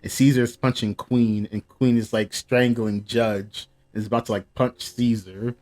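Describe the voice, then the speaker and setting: A man's voice: medium pitch, little pitch movement, normal speed, a little mellow. A man hosting a casual live reaction, reading the panels aloud between his own comments. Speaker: manga reaction host.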